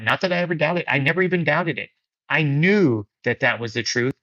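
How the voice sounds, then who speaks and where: A bright, forceful man's voice gives a casual spiritual talk on a livestream. His delivery is earnest and laid back, and he often drops in "man" and "dude." The sound is dry and a little dull. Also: on the high side, brisk, no echo. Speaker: livestream host of a faith fellowship. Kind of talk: casual spiritual talk, reading viewer comments.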